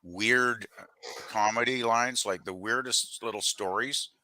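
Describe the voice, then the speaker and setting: Lower-voiced man, bright and close. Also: measured pace, no echo. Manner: easygoing, agreeable. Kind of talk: casual chat.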